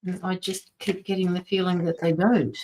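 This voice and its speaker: A woman's voice: lowish voice, level tone, moderate pace, darkish tone, a little hiss or hum, low-quality recording. A woman tarot reader and medium, chatting casually on a livestream from her home studio, sympathetic and greeting viewers by name.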